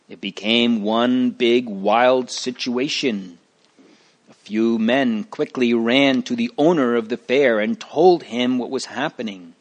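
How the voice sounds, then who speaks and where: A man reading a storybook aloud in a slow, measured way. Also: fairly low pitch. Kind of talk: scripted storybook narration.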